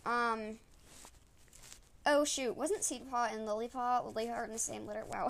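A woman's voice: a little high, steady tone, normal speed, vocal fry, pauses often. A woman hosting a casual podcast, stumbling over words and laughing at her own slips. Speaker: podcast host. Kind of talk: casual podcast talk with bloopers.

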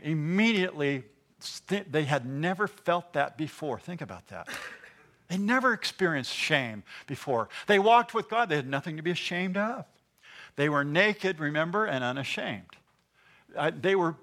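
A man's voice: a little high, fairly bright tone. A man preaching a sermon, teaching earnestly and asking his listeners rhetorical questions.

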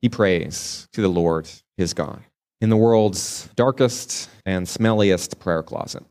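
A man's voice: low-pitched, slow, a little mellow. A man preaching a sermon, retelling a Bible story in a vivid storytelling manner with varied pace.

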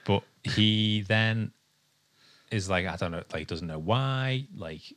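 A man's voice: lowish voice, expressive, slow pace, fairly bright tone. A young man from England co-hosting a podcast in casual chat, rambling and hesitant with lots of ums. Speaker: podcast co-host.

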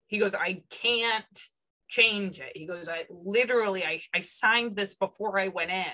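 A woman psychic medium chatting as a podcast guest, relaying a spirit's words in lively quoted bursts and laughing often. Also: mid-range voice, unhurried, low-quality recording. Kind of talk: casual podcast chat.

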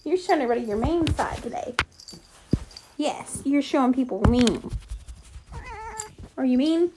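A woman talks to her pet cat in soft, coaxing baby talk, her very high voice rising and falling all the time. She takes her time, drawing out each question in a sing-song way. A faint hiss of noise sits under her voice. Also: expressive, moderate pace. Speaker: pet owner and podcast host.

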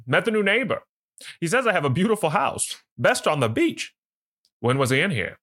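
A man putting on a gruff, jealous husband. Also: on the high side, sing-song, moderate pace, a bit bright, pitched above the performer's own voice. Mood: smug. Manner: gruff, faintly mid-Atlantic affected speech. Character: smooth controlling jealous husband, grown man. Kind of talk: comic podcast reenactment.

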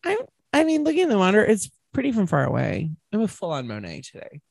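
A man's voice: high voice, huge pitch swings, quick pace, gravelly, no room sound. A young adult man, a drag queen co-hosting a podcast, chatting playfully, laughing often and swearing freely. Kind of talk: casual banter.

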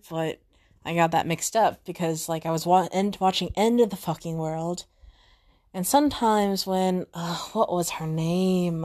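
Her voice fairly low and darkish in tone, a young woman runs a podcast alone, rambling through casual chat with lots of fillers and corrections of herself.

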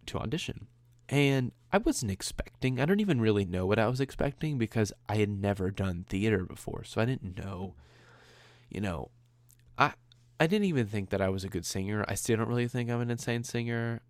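Man, low pitch, gravelly fry, rambling podcast chat, dry close sound. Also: no echo. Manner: rambling and conversational, with a self-deprecating streak. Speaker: podcast host. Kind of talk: casual solo podcast chat.

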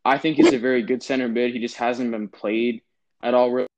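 A man's voice: mid-range voice, flat delivery, fairly quick, a little mellow. A young man co-hosting a casual sports podcast, giving opinions with lots of ums and restarts. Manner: opinionated, hesitant with many fillers. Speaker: podcast co-host. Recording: dull lo-fi sound.

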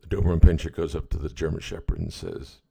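A man's voice: a bass voice, little pitch movement, fast talker, creaky, warm tone, breathy edge. A middle-aged man hosting a podcast, telling a story in a folksy, rambling way full of asides. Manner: folksy, rambling, with many "you know" asides. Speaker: podcast host. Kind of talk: casual storytelling monologue.

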